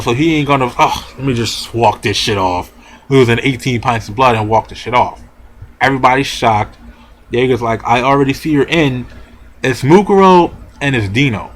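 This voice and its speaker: A young man casually reviewing a manga chapter, talking in an excited, profane, rambling way. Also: mid-range voice, moderate pace.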